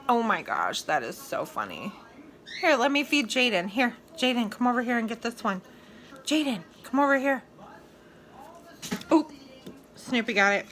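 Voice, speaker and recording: A woman's voice: fairly high pitch, sing-song, unhurried, long pauses, a bit bright, slight background noise. A woman chatting and cooing to her pet birds in a playful baby-talk way, laughing often. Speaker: vlogger feeding pet birds. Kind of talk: casual chat to pets.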